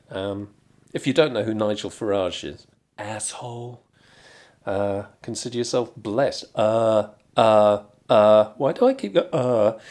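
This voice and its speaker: Rambling dry-humoured man. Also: lowish voice. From England. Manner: digressive, dry deadpan humour with muttered asides. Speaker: vlogger. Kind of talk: rambling comic monologue.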